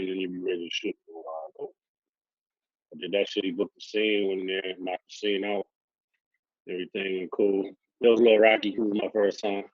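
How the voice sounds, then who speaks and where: A man telling stories in a relaxed, profane street-slang style, acting out the dialogue as he goes. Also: lowish voice, no echo. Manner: laid-back, profane street slang, acts out quoted dialogue. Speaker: podcast guest. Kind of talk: casual storytelling interview. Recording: dry, slightly muffled audio.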